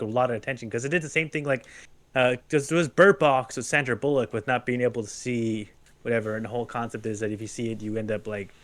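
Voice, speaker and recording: A man on a podcast panel, talking casually with halting restarts and lots of filler words. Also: mid-range voice, a bit bright, dry recording. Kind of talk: casual chat.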